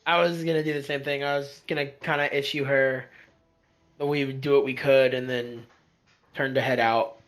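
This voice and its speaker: A man's voice: medium pitch, level tone, moderate pace, a bit bright. A man playing a tabletop game, talking casually and hesitantly, thinking aloud with laughs. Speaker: player.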